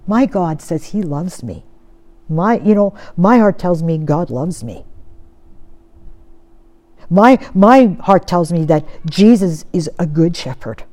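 A woman preaching a sermon in an earnest way. She poses rhetorical questions and often sinks to a soft tone. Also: lowish voice, lively intonation, takes it slowly, pauses often.

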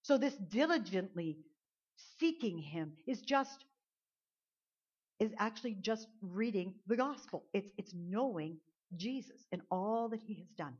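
A woman's voice: medium pitch, animated, unhurried, a little mellow, breathy edge. A woman pastor preaching a sermon at a church service, earnest and conversational, often repeating words as she builds a point. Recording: dull lo-fi sound.

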